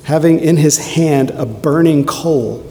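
A man's voice: on the high side, takes it slowly, mellow. A man preaching a sermon, fervent and emphatic, driving points home with dramatic repetition. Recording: long hall reverb, faint noise.

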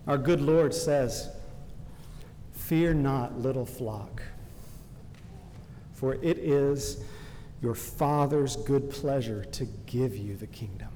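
A man pastor preaching a sermon earnestly, slowing down for emphasis and softening his voice for quotations. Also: medium pitch, in a large hall, slight background noise.

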